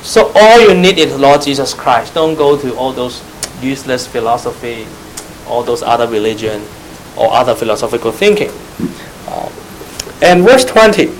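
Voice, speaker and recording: A man's voice: mid-range voice, sing-song, moderate pace, slight background noise, rough recording. A man with a Chinese accent, a Mandarin speaker, preaching a Bible study sermon in earnest, emphatic English and speaking straight to his listeners.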